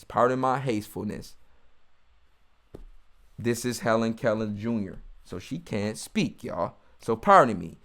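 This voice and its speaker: A man giving casual, heated commentary on a video and talking straight to his viewers. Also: high-pitched. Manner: animated, talks straight to viewers, heated and mocking.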